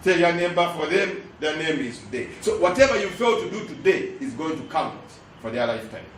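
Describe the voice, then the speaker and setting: Man, Ugandan English accent, middle-aged, emphatic preaching, call-and-response, slightly high voice, echoey hall, faint room noise. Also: lively intonation, fairly quick, recorded from a distance. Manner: emphatic, asks the crowd to finish his lines. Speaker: guest speaker, lecturer.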